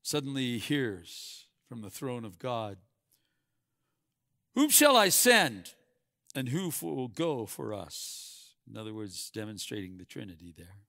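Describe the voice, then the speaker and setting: A man preaching with a bright, forceful voice that drops to a hush and then climbs to loud, emphatic peaks. The sound is close and dry, with no room around it. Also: medium pitch, very animated, a little slow, creaky, no room sound. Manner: dynamic, swings from hushed to loud and emphatic. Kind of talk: sermon.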